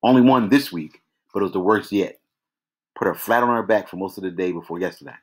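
A man reading aloud voices an older prison warden in his late fifties, who has a cultured Southern manner and speaks slowly and gravely. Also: low-pitched. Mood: weary. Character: older male prison warden, weary and dignified.

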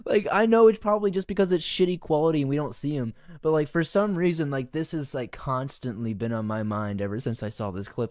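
A man's voice: on the high side, brisk, few pauses, a little mellow, no room sound, studio quality. A man hosting a commentary video, reacting to a clip with profane disbelief and frequent laughter. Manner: incredulous, profane, laughs often. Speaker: commentary channel host. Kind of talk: reacting to and narrating an online clip.

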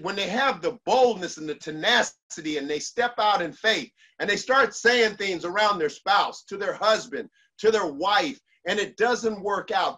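A man's voice: high voice, sharp tone. A man giving a motivational speech to an online audience, preacherly, repeating lines for emphasis and leading call-and-response. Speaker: motivational speaker.

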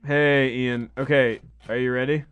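A man's voice: mid-range voice, steady tone, unhurried, fairly bright tone, clean tone. A man co-hosting a radio show, playfully running the segments and taking callers. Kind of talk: casual radio banter. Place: radio studio. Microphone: studio microphone.

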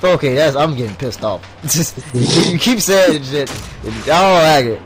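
Lively, crude-joking gamer man. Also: on the high side, measured pace, crowd noise. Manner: crude teasing, laughs often. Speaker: gaming channel host. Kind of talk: casual let's-play banter.

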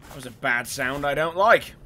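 A man streaming a horror game, his voice hoarse and strained from overuse, rambling and laughing between bits of chat with viewers. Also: mid-range voice, moderate pace, sharp tone. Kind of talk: casual gameplay livestream chat.

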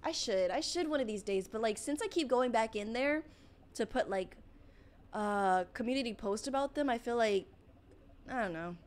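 Game music plays as a young woman streams herself gaming casually, panicking and rambling out loud. Her voice is fairly high and expressive, at normal speed.

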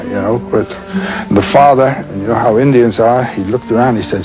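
A man retells an old folk tale in a loose, digressive way, pausing with fillers. His voice sits at a middle pitch. Faint music plays underneath. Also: rough recording. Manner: relaxed, digressive, hesitant fillers. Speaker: storyteller, interview guest. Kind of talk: casual oral storytelling.

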